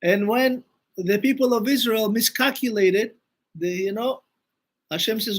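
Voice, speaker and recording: A man's voice: high voice, moderate pace. A man, a rabbi teaching a Torah class and telling stories, acting out the quoted speech with animation.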